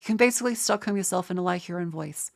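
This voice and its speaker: A young Australian woman streamer with a cold stumbles through a meandering casual chat with her viewers, full of restarts. Her nasal voice is lowish and gravelly, and she talks very fast.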